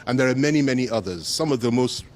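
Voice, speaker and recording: A Nigerian politician, a man, answering reporters in a measured, emphatic way and repeating his key phrases. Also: mid-range voice, slight background noise. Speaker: politician speaking to the press. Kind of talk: press statement answering reporters.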